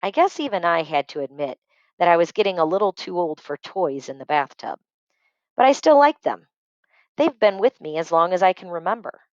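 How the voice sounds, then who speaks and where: A woman's voice: on the low side, no echo. A woman reading a children's book aloud expressively, stopping to explain words and checking in with "okay?". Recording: dry, dull muffled recording.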